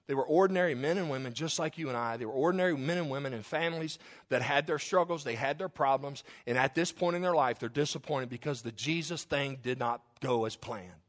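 A man preaching a sermon in a lively, conversational way, with humorous asides and acting out the figures in the story. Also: medium pitch, a little fast.

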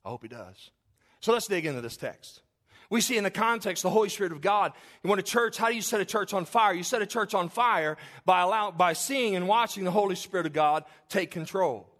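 High-voiced male pastor, sermon delivery, dynamic storyteller. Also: animated, brisk. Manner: storytelling, swings from loud to soft. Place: church.

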